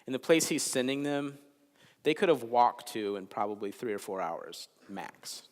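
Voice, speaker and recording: A man giving a chapel sermon in a relaxed, conversational way, telling a Bible story with jokes. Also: medium pitch, moderate pace. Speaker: chapel speaker. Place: large chapel. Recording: long hall reverb in a chapel.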